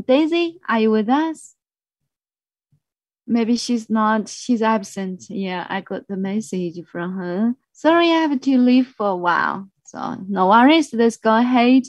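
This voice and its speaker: Woman, Mandarin Chinese accent, online English teacher, slow, repeats words, higher voice, dry sound. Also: darkish tone, no echo. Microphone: video call.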